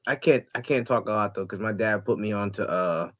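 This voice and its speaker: A man's voice: lowish voice, fairly quick, a bit bright. A man from New Jersey, a podcast guest, trading laid-back teasing banter in casual chat.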